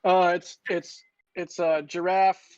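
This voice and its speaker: A man's voice: high voice, little pitch movement, slow pace, a little mellow, smooth, muffled recording. A man co-hosting a casual livestream, joking and rambling with frequent restarts. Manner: joking, rambling, self-interrupting. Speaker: livestream co-host.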